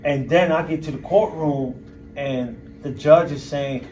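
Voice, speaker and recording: A man's voice: medium pitch, measured pace, a little mellow, slight background noise. Blunt streetwise man, heard from afar. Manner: blunt, streetwise, emphatic with profanity. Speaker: guest speaker. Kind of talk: candid storytelling talk to an audience. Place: university lecture room. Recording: voice picked up from a distance.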